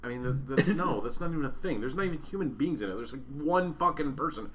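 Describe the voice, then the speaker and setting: A man co-hosting a casual podcast chat, profane and rowdy, breaking into loud bursts of laughter. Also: medium pitch, lively intonation, fast talker, a little hiss or hum. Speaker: podcast co-host.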